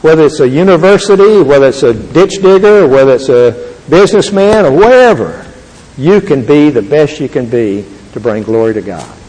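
An older man giving an earnest, halting Christian testimony to an audience. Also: a little high, lively intonation, warm tone. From Texas. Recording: long reverb of a large hall.

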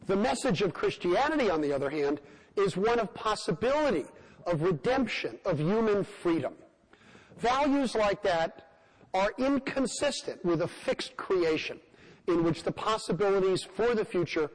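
A scientist giving a public lecture, speaking in a measured, emphatic way and posing rhetorical questions. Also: male voice, sits high, big-room sound, low-quality recording.

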